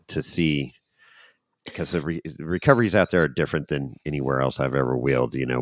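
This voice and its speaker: A man's voice: rumbling low, a bit bright, dry recording, clean studio sound. A man hosting a podcast, chatting casually and agreeing often with short affirmations. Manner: agreeable, lots of backchannel affirmations. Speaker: podcast host.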